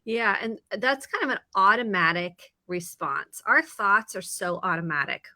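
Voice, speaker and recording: A woman therapist with a Midwestern American accent, calmly explaining and acting out inner thoughts in a casual video chat. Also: mid-range voice, measured pace. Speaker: therapist guest. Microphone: video call.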